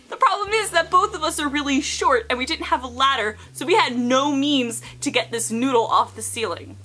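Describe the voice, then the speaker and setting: A young woman in her twenties telling casual stories to camera, animated and profane, acting out the people she quotes. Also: high voice, brisk, hardly any pauses, soft background music. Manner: animated, profane, acts out quotes in shifting voices. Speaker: vlogger. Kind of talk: casual storytelling.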